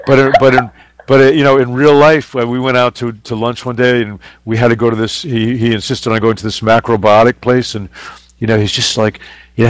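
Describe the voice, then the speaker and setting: A man's voice: mid-range voice, little pitch movement, brisk, no echo. A man, a photographer guest on a radio show, telling anecdotes in a loose, rambling way with many fillers. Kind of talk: casual interview storytelling. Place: radio studio.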